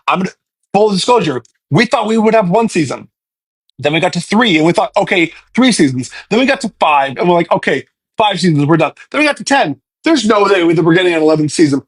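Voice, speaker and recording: A man's voice: a little high, a bit bright, no room sound. A man in his twenties answering viewer questions on a casual livestream, chatty and thanking viewers as he reads comments. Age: 20s.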